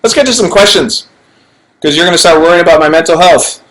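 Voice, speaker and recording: A middle-aged actor chatting alone to a webcam during a fan Q&A, playful and rambling with self-mocking asides, recorded on low-quality livestream audio. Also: male voice, fast, fairly bright tone. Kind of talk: casual chat to webcam. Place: home, alone in front of a camera.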